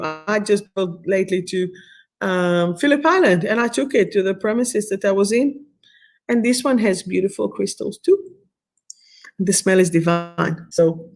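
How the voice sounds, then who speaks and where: In a medium-pitched voice, a middle-aged Israeli woman guest-hosts a live stream of guided meditation and card reading. She reads oracle cards soothingly and affirmingly, with slightly phrasing.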